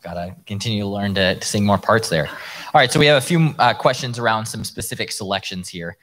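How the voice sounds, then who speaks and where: Low-voiced man reading audience questions. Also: brisk, a bit bright. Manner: reads out audience questions, brief affirmations. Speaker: Q&A moderator. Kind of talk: live Q&A talk.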